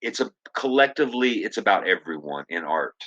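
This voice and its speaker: Man, actor telling stories, lower voice, bright edge, acts out quotes, muffled podcast sound. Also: a little fast. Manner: animated storyteller, acts out quoted dialogue. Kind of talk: casual storytelling interview.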